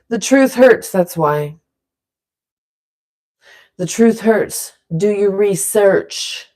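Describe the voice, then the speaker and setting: A woman talking slowly in a mellow, soft-edged voice. She leads a silly vocal warm-up in a goofy, rambling way and drifts into loose off-the-cuff rapping. Her pitch stays in a middle range for a woman. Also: expressive. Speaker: vlogger leading a vocal exercise. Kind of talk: playful casual instruction.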